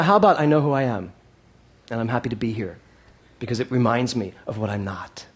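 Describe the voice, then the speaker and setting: A man's voice: medium pitch, husky. Male minister, mid-range voice, delivering a sermon with emphatic repetition and dynamic swings in volume. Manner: emphatic, repeats key phrases, swings from loud to soft.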